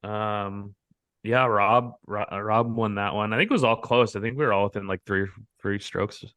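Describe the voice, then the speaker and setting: Dude cohosting a podcast, swears a lot, laughs while telling stories, kinda low voice. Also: male voice, normal speed, a bit bright, no room sound. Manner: profane, laughing storyteller. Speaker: podcast co-host. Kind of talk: casual chat.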